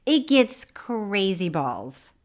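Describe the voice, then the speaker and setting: A woman co-hosting a casual podcast, her voice lively and swinging up and down as she talks. She teases her partner, laughs often and drops into low muttered asides while she walks through a crime story. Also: extremely slow. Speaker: podcast co-host. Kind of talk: casual chat, recapping a true-crime documentary.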